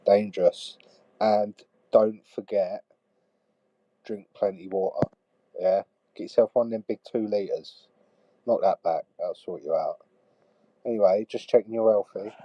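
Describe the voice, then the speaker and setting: A man doing comic voicemail monologues. He swears a lot and swings from shouting to hushed sighs. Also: on the low side, fairly even intonation, a little slow, long pauses, no room sound, dull audio. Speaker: comedy podcaster.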